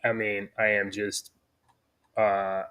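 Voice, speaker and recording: A man's voice: lowish voice, level tone, slow, bright, forceful tone, clean tone. Rambling, exasperated man co-hosting. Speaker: podcast co-host. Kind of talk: casual chat.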